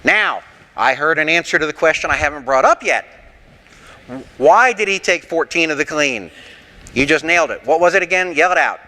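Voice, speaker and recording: Bright high-voiced man teaching scripture. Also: normal speed, big-room sound. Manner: animated, rhetorical, lightly sarcastic. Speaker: pastor teaching a Bible class. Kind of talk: interactive sermon with questions. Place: church.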